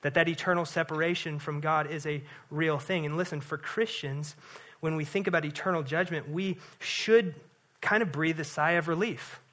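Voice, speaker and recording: A man's voice: fairly high pitch, normal speed, a bit bright. A middle-aged man, a pastor, giving an earnest, conversational sermon with frequent restarts.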